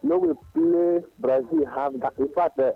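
A man's voice: on the high side, huge pitch swings, normal speed, gravelly, husky. A man with a Nigerian accent calling a radio sports show, talking in enthusiastic, boastful Pidgin. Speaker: caller. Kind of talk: animated Pidgin call-in. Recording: phone line.

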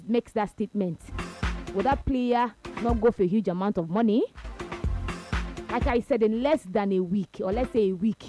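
A young woman with a Nigerian accent chats about football, lively and emphatic, slipping into Pidgin and repeating herself for weight. Her voice sits slightly high. Faint music runs underneath. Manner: animated, mixes Pidgin slang, repeats phrases for emphasis. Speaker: sports talk host. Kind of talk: casual football chat.

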